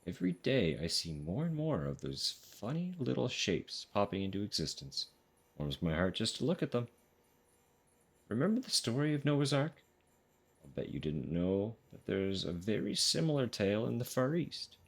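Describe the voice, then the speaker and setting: A man's voice: on the low side, big pitch swings, moderate pace, slightly rough, heavily acted. A man reading as a folksy gourd-growing storyteller.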